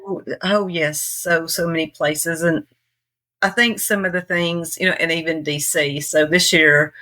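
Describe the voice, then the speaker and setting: Bright-voiced Southern woman. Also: sits low, fairly even intonation, unhurried. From Tennessee, US. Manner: chatty, laughing, trailing off with fillers. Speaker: nonprofit CEO guest. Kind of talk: casual interview talk.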